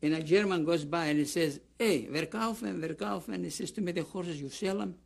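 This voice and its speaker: Speaking fast in a voice on the high side and a little mellow, this older Greek-accented man recounts his story as a camp survivor in an oral history interview. He rambles, restarts, and performs the voices of those he quotes.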